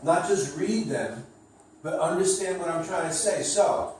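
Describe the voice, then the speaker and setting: A man's voice: sits high, measured pace, a little mellow, a little hiss or hum. A man coaching a trainee through a sales script, encouraging and instructive, with some joking. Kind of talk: coaching a role-play reading. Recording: echoey room, distant mic, faint ambience.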